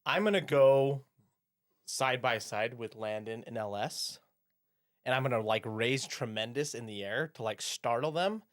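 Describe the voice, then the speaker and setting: A man's voice: medium pitch, a little slow, dry recording, clean studio sound. A man playing a tabletop game, easygoing, checking the rules and describing his moves. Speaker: player. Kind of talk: casual chat at a tabletop game.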